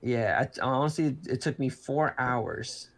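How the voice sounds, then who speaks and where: Man, gravelly voice, casual chat, rambling, frequent restarts. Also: mid-range voice, measured pace. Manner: rambling, many restarts and fillers. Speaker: podcast co-host.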